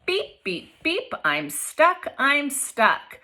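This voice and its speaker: A woman voicing a small, kind male blue truck in a picture-book read-aloud, with a high, squeaky, urgent voice. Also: wildly swooping pitch, extremely slow, sharp tone, heavily acted. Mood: panicked.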